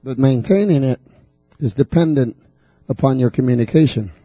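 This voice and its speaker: A man preaching a fervent sermon in a church, building repeated declarations up to shouts. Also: mid-range voice, normal speed, breathy edge, no room sound, faint music behind. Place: church sanctuary.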